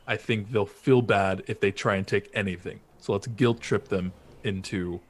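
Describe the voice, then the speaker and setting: A man's voice: lowish voice, steady tone. A man playing in a tabletop game, chatting casually with a scheming, joking manner. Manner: scheming, jokey, quick to laugh. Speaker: player.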